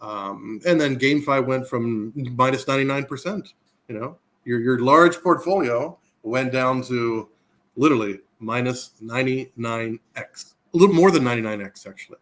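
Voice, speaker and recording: A man's voice: medium pitch, moderate pace, fairly bright tone. Guy guest on a crypto talk show, eager, rambles and repeats himself, medium voice. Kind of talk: casual interview chat.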